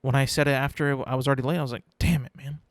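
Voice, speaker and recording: A man hosting his own podcast, rambling in a casual, self-mocking way and slipping into quick mock voices. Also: medium pitch, little pitch movement, clear, resonant tone, no room sound, clean studio sound. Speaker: podcast host. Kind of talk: casual solo podcast rant.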